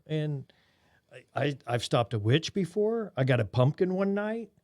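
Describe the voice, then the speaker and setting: An easygoing male podcast host who asks joking questions and chimes in with his own memories. His voice is slightly high for a man and recorded close and dry. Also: very animated, a little slow, darkish tone, no echo. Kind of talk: casual interview chat.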